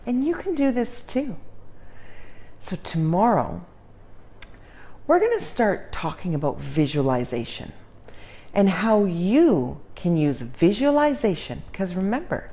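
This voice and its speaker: A woman talks through a motivational lesson at an easy, unhurried pace. Her voice moves up and down expressively as she encourages the listener in a folksy, earnest way. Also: lowish voice, sing-song, warm tone. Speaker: self-help teacher.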